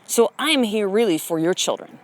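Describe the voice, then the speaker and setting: A woman's voice: mid-range voice, animated, moderate pace. A middle-aged woman hosting a motivational podcast, talking bluntly and with plenty of swearing as she coaches her listeners. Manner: blunt, profane, fired-up coaching talk. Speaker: podcast host.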